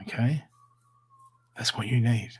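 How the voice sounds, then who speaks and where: A man doing live-stream card readings, talking warmly and repetitively to viewers by name. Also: medium pitch, a little slow, husky. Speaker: psychic reader.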